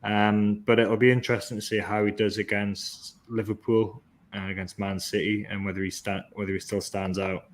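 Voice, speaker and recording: A man hosting a football podcast, talking through the match in a measured, analytical and enthusiastic way. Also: on the low side, flat delivery. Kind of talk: casual football podcast chat.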